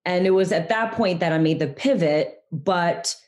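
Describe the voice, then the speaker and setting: A woman guest on a video-call interview, telling her story in an earnest, reflective way that sometimes slows right down. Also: on the low side, darkish tone. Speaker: guest mindset coach.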